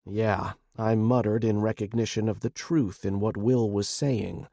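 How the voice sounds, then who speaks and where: A man giving steady, measured first-person narration for an audiobook. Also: lowish voice, vocal fry, dry recording, clean studio sound.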